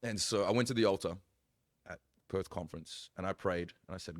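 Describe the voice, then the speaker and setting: A man, a pastor, telling his story in casual chat, animated, acting out quoted lines with big jumps in voice. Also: low voice, fairly quick, dry recording, clean studio sound.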